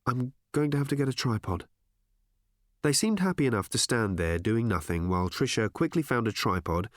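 A man narrating an audiobook with an expressive, dryly ironic reading. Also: mid-range voice, no room sound, clean studio sound.

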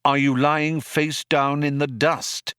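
A man voicing an excitable, curious male traveller in an audiobook, pressing eagerly with questions. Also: on the high side, slow, smooth, dry recording, studio quality, pitched above the performer's own voice. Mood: excited. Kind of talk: audiobook character voice.

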